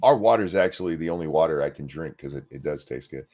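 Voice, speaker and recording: A man's voice: extremely low pitch, lively intonation, fast, a little mellow. A man co-hosting a casual political commentary chat, blunt and sarcastic, swearing freely and reading viewer messages aloud. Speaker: podcast co-host.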